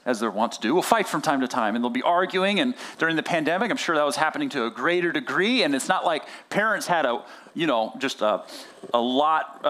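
A man preaching a sermon as pastor, conversational and animated, often acting out quoted dialogue. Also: on the high side.

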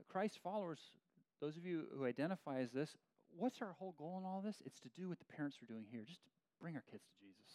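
A man's voice: fairly high pitch, no echo. A man preaching a sermon as a pastor, in a conversational way with frequent restarts. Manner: conversational, animated with many restarts.

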